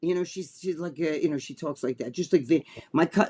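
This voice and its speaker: A man co-hosting a talk show, telling a story in a casual, animated, profane way and acting out the people he quotes. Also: on the high side, brisk, breathy edge. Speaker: co-host.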